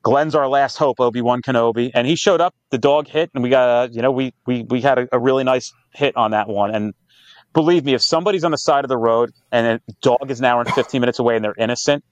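A fast-talking guest with a medium-pitched voice, this police training company founder tells profane, animated cop stories on a podcast interview, full of quoted back-and-forth. No room sound is present.

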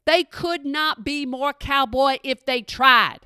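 A woman's voice: sits high, slow, pushed and bright, dry recording, clean studio sound. A woman from Texas with a Texan accent, telling a chatty story and asking again and again if you hear her. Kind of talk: storytelling monologue.

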